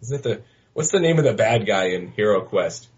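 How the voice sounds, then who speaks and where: A man's voice: on the low side, expressive, fairly quick. A man playing a tabletop game, joking and bantering with the table. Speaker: player. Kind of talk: casual game chat. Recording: slightly dull lo-fi recording.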